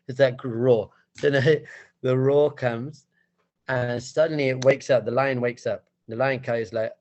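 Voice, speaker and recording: A man serving as a rabbi, telling a playful, animated story as part of a spiritual talk to a group. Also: medium pitch, a little slow, muffled recording.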